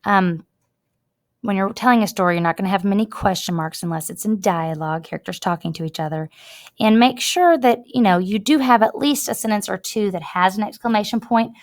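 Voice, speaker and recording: Woman teacher, mid-pitched, chatty and emphatic, talks students through a writing lesson. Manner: chatty, emphatic, drawn-out words when demonstrating. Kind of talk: classroom writing lesson over screen recording. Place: at a computer, recording her screen.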